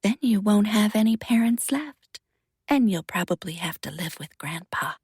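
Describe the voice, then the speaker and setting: A woman's voice: medium pitch, animated, moderate pace, darkish tone, husky, no room sound, clean studio sound. Willow, a coy cruel teen girl, read by a woman. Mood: coy taunting.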